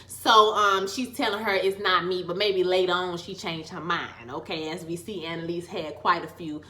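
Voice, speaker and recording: A young woman giving a casual, slangy review of a TV episode, loud and animated, now and then breaking into song. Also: lowish voice, moderate pace.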